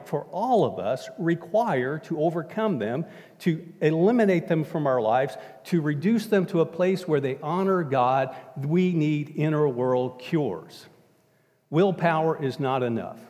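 A man's voice: a little high, lively intonation, moderate pace, warm tone. A middle-aged man preaching a sermon as pastor, emphatic and repeating "folks" as he addresses the congregation. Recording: long hall reverb.

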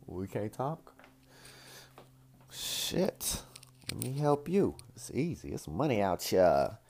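Gravelly, swearing man ranting. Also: fairly low pitch, sing-song, takes it slowly, darkish tone, a little hiss or hum. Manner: profane, blunt, repeats himself. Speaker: podcast host. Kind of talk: casual rambling monologue.

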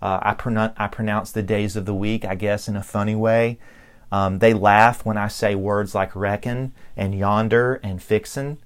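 A middle-aged man with a Southern US accent, preaching a sermon as pastor, slow and deliberate with emphatic pauses. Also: on the low side, little pitch movement, clear, resonant tone. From Southern United States.

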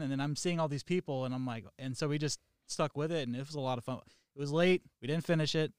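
A man's voice: fairly high pitch, fast, clean tone, no echo, studio quality. A man co-hosting a podcast interview, an easygoing storyteller who chuckles often. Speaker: podcast co-host.

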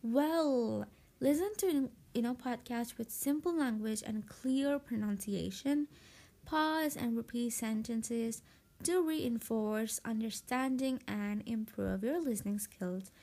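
A woman's voice: a little high, slow, dark tone. A woman who speaks English as a second language, hosting a casual podcast and chatting loosely with many fillers and restarts. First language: not English. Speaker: podcast host. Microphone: voice message recording.

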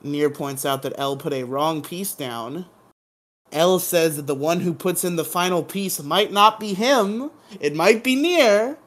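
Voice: medium pitch, measured pace, a bit bright. A podcast co-host giving a casual, playful recap of a drama episode, humming dramatic sound effects and laughing along the way.

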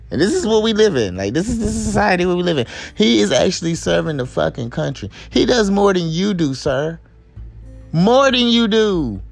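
A man's voice: high voice, vocal fry, no room sound. A young man hosting a podcast, ranting in an angry, exasperated and profane way. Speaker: podcast host. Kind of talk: angry commentary rant.

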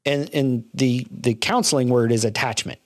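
A man's voice: mid-range voice, moderate pace, no echo, studio quality. A man co-hosting a casual faith-based discussion of a film, earnest and reflective, often restarting his sentences.

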